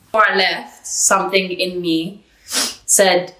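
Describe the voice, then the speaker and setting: Low-voiced woman, distant roomy mic. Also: takes it slowly, slight background noise. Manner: blunt, swears freely, animated storyteller. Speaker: interviewee. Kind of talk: candid storytelling interview.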